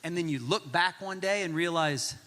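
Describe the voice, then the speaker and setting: A man's voice: a little high, normal speed. A man in his forties preaching a sermon, telling a funny story with lots of energy and acting out the voices of the people in it. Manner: animated, jokey, acts out voices in his stories. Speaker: pastor. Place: large church auditorium. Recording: long hall reverb.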